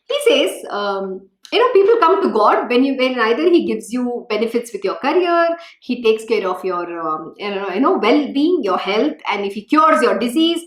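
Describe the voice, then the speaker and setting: High-voiced woman scolding devotees. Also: fairly bright tone, roomy sound. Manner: scolding, emphatic, rhetorical questions. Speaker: spiritual teacher. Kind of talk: devotional talk.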